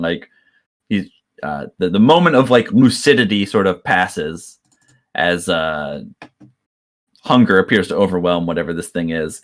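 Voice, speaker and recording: A man's voice: deep voice, moderate pace. A man running a tabletop game as game master, describing the scene in a loose, rambling way with many fillers.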